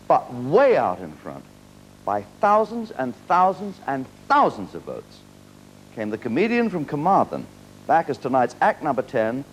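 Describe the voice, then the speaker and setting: A male host introduces an act on a live television talent show, building up to the name with theatrical emphasis. His voice sits slightly high and swoops widely, with faint noise in the background. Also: poor audio. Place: television studio.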